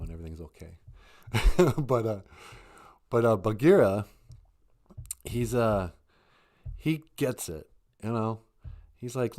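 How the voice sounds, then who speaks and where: A man in his fifties, co-hosting a live stream, telling a story in a rambling, animated way and laughing often. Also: on the low side. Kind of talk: casual chat, storytelling.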